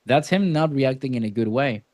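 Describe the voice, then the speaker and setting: A male sales coach giving feedback in a role-play session, blunt and emphatic, with animated shifts in his delivery. His voice sits at a medium pitch, close-miked and dry. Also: normal speed, no room sound.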